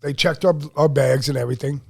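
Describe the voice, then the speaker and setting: A man on a podcast telling a story in casual chat, loud and profane. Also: medium pitch, fairly even intonation, fast, gravelly. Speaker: podcast co-host.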